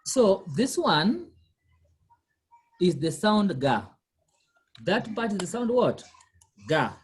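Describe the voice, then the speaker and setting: A woman's voice: mid-range voice, big pitch swings, takes it slowly, husky. A woman tutoring a learner one-on-one, patiently repeating questions and quizzing the learner as she explains. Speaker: language tutor. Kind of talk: one-on-one lesson.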